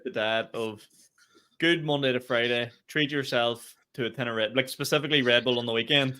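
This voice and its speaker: Comedy podcast co-host, man, quick-fire delivery, teasing and jokey. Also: mid-range voice, fairly even intonation, pushed and bright, clear, resonant tone. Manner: teasing, jokey, swears freely. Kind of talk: casual podcast banter.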